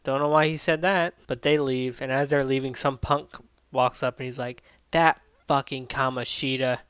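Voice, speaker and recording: A man's voice: mid-range voice, steady tone, normal speed, a bit bright, smooth, dry recording. A man casually recapping and reviewing an anime episode, rambling with lots of fillers and swearing freely.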